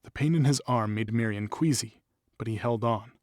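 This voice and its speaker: A man's voice: mid-range voice, moderate pace, darkish tone, no room sound, studio quality. A man steadily reading a fantasy story aloud as narrator. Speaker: audiobook narrator.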